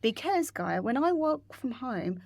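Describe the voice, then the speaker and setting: A woman's voice: high voice, very animated, measured pace, gravelly, a little mellow, no room sound. Woman podcast cohost, chatty, keeps laughing and telling the editor to cut stuff, dry mic. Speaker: podcast co-host. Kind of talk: casual podcast chat with bloopers.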